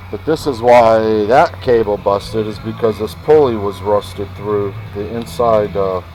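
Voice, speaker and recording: A man with a low, deep voice vlogs in an unhurried, rambling way, thinking aloud and pausing to clear his throat. He talks into a handheld camera around a workshop and yard, with faint background noise behind him. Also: a little mellow, low-quality recording. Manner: rambling, self-talking, clears throat often. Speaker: vlogger. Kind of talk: casual vlog chat.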